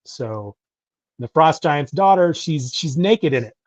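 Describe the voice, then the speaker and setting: Speaking slowly with lively intonation, this middle-aged podcast co-host rambles chattily and keeps restarting his sentences to correct himself. His slightly high voice comes through a dry recording with dull lo-fi quality.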